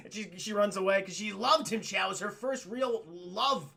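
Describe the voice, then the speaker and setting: A man with a high, gravelly and very bright voice recaps a film for his live chat. He rambles loosely and swears freely, keeping things casual. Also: normal speed. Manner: loose, profane, rambling storytelling. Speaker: streamer and film reviewer.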